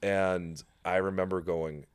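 With a smooth, low voice at a measured pace, a podcast host tells a story during casual chat. He curses freely and brings quotes to life in an animated way. Studio quality, with no room sound.

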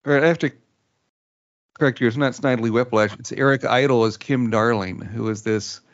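A man's voice: medium pitch, brisk, dull audio. A man chatting casually as a podcast co-host, critical and hesitant, with many fillers. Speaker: podcast co-host, film reviewer. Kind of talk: casual chat.

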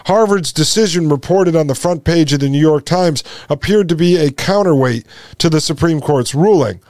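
Fired-up guy ranting to his folks, slightly high voice, dead dry sound. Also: moderate pace, a little mellow, no room sound. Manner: indignant, repeats lines, addresses listeners as folks. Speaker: podcast host. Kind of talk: impassioned commentary.

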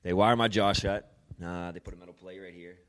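A young man recounts his own hard times as a podcast guest, his voice low and deep. He talks haltingly, doubling back on words and swearing in passing. The sound is close and dry, with no room around it. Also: steady tone, no echo. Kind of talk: personal storytelling.

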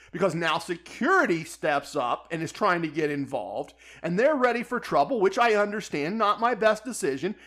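A man telling a personal anecdote in a wry, deadpan way. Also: a little high. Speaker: storyteller.

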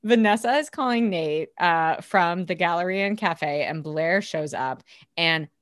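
A woman's voice: on the low side, measured pace. A young woman co-hosting a casual rewatch podcast, gushing and dramatic and swearing freely. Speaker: podcast co-host.

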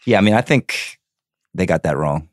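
A man's voice: low voice, animated, moderate pace, no room sound, clean studio sound. A young man co-hosting a sports podcast, chatting casually and swearing now and then. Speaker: podcast co-host.

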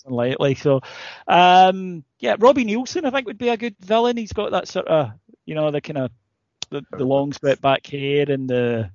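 A man's voice: a little high, expressive, moderate pace, a little mellow. A Scottish man from Ayrshire, co-hosting a podcast in casual chat, rambling along with wry asides. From Ayrshire, Scotland. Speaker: podcast co-host. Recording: dull lo-fi sound, dry.

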